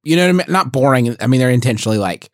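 A man co-hosting a comedy podcast with an enthusiastic, mock-sheepish way of talking. His pitch swings widely. He sounds close and dry. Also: animated, very fast, no echo. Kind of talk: comedic banter and ad reads.

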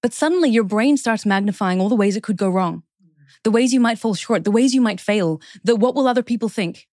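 A woman's voice: medium pitch, fairly quick, a little mellow. A woman talks as a guest in an interview. She explains her points earnestly and in ordered steps. The sound is close and dry, with no room echo. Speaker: guest author. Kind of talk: interview conversation.

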